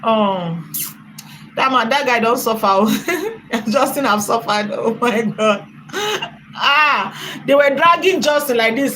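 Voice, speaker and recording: A woman's voice: on the high side, slow pace, long pauses, sharp tone, a little hiss or hum, low-quality recording. A woman with a Nigerian accent, chatting and commenting on a live stream, laughing often and thanking viewers for donations at length.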